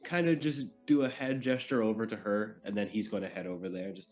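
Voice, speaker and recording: Guy playing a tabletop game, kinda halting, low-ish, music in back. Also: steady tone, a little mellow. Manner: casual, hesitant. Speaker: player. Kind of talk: tabletop play.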